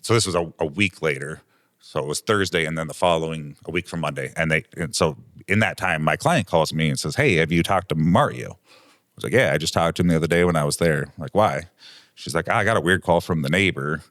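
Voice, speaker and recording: A man with an extremely deep, low voice, a property manager guest telling a long story from his work. He rambles casually, filling the gaps with "um" and "like". The sound is dry and close, with no room echo. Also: a little fast, a bit bright. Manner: rambling anecdotal telling, lots of um and like.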